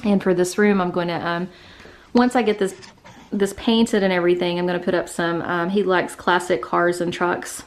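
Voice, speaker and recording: A woman's voice: fairly low pitch, level tone, moderate pace, slight background noise. Chatty woman touring her new house. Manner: chatty, rambling, many fillers and restarts. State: out of breath. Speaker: vlogger giving a house tour. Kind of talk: casual house tour narration. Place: indoors, a house.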